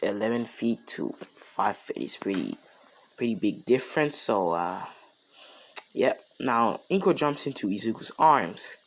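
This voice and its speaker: A man improvising a fan story narration, slow and hesitant, full of ums and you-knows. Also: on the low side, very animated. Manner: slow, hesitant, lots of fillers.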